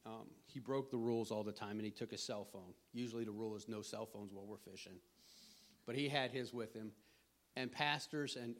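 A middle-aged man giving an informal sermon, rambling and conversational, with frequent restarts and throat clearing. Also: medium pitch. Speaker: preacher.

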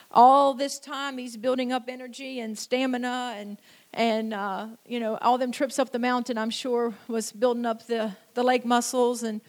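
A middle-aged woman preacher giving a sermon in a conversational storytelling way, with frequent "you know" and slow, repeated phrases for emphasis. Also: on the high side.

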